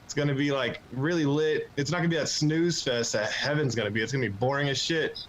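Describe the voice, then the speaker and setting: A man's voice: medium pitch, quick pace, slight background noise, poor audio. A man in his twenties doing a crude, self-mocking stand-up set at an open mic. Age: 20s. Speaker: stand-up comedian.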